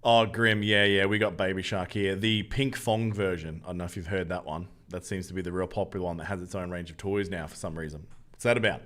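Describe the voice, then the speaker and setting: A man's voice: low voice, fairly even intonation, brisk, fairly bright tone. Australian man chatting on stream. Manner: jokey, loose banter, reads out chat and answers. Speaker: game streamer. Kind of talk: casual live-stream chat with viewers.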